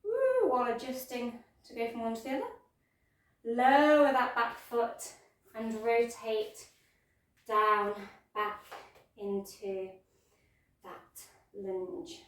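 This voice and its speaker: A woman's voice: on the high side, expressive, slow, long pauses, far from the mic. Yoga teacher woman, echoey room. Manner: gentle, playful step-by-step cueing. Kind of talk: guided yoga class instruction.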